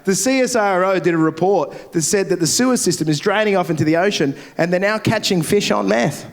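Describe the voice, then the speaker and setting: A man's voice: high voice, creaky. A young Australian man doing a brash, crude stand-up set on a festival stage, speaking into a handheld mic. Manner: brash, crude, rapid-fire. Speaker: stand-up comedian.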